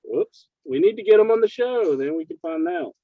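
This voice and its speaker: Give me a podcast co-host with a fairly high, lively voice who rambles earnestly through his stories. His mic sounds a little dull and lo-fi, with a dry close sound. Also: normal speed, no room sound. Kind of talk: casual wrestling podcast chat.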